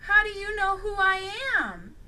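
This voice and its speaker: Storybook hero: a woman doing a commanding male team leader, blunt, high and bright. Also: big pitch swings, a little slow, full character voice. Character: determined male superhero leader.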